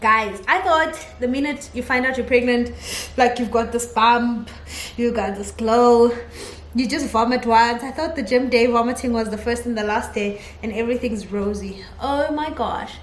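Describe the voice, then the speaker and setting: A young woman vlogger telling a personal story in a chatty, animated way, often laughing as she talks. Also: fairly high pitch, normal speed. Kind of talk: casual storytelling vlog. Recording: echoey room, faint ambient noise.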